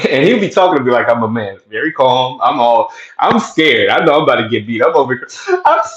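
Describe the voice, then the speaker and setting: A man's voice: mid-range voice, quick pace. A man hosting his own show, telling a childhood story in a conversational way and then making his point. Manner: conversational, animated when telling stories. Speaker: host. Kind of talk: casual commentary with storytelling. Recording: echoey room, slightly dull sound.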